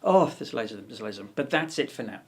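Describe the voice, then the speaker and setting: A man's voice: lowish voice, sing-song, fast. A man teaching ukulele and telling a joke in a rambling, hesitant way with lots of fillers. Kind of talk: casual lesson, telling a joke.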